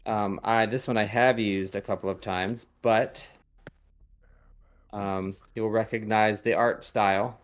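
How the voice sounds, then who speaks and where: Rambling man with a lowish voice. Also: steady tone, slow pace. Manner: rambling, hesitant, lots of ums. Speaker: podcast host reading tarot. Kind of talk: casual chat.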